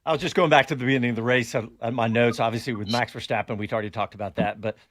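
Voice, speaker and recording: A man's voice: mid-range voice, fairly even intonation, rapid-fire, a bit bright, no room sound. A man hosting a radio racing show, joking in casual studio banter. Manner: laughing, playful banter.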